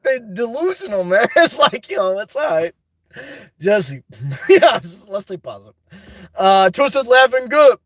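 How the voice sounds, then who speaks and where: A man hosting a livestream from inside his car, reading out viewer comments and answering bluntly, often breaking into loud, laughing rants. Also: high voice, very animated, unhurried, dry recording. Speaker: livestream host. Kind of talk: live-stream chat reading.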